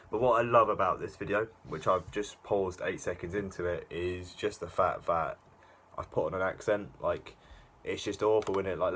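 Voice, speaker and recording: A man's voice: low voice, a bit bright, a little hiss or hum. A young man rambling through self-mocking reaction commentary, with lots of fillers. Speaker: YouTuber.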